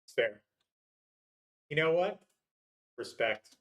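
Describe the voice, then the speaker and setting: Wry gamer with lively pitch. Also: slow. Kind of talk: let's play commentary, reading game text.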